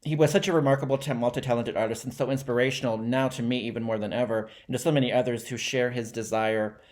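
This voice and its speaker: A man talking in a casual, rambling monologue, trying out a rough joke with fillers and self-deprecating laughs. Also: medium pitch, fairly even intonation, quick pace, a little mellow.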